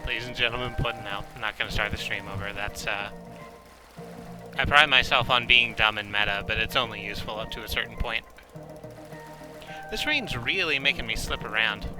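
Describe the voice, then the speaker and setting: A man in a mid-range voice rambles through casual game commentary, cracking jokes at his own expense. Bright game radio music plays loudly behind him the whole time. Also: medium pitch, fairly quick, low-quality recording. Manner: rambling, joking, self-deprecating. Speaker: streamer. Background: in-game car radio music.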